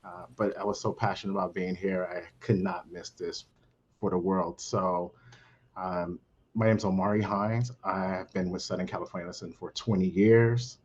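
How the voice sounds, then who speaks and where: A middle-aged man from Brooklyn, under the weather, speaking on a panel in a halting way full of fillers. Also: deep voice, fairly even intonation, slightly rough, dull audio. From Brooklyn, New York. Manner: halting, many fillers and restarts. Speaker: panel guest, account manager. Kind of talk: casual panel talk.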